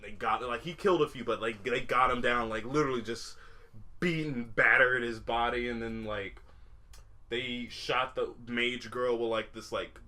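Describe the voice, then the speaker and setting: His voice is mid-range, pushed and bright, with fairly even intonation and a moderate pace. A young podcast co-host, he chats casually and rambles, full of fillers, restarts, and cursing.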